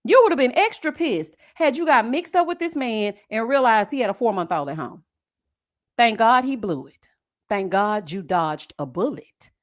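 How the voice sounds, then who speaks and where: A sassy woman with a fairly high voice gives casual commentary on a reality show. She is animated and mocking, and she drops "honey" and "girl" into nearly every line. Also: moderate pace. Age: adult with a son.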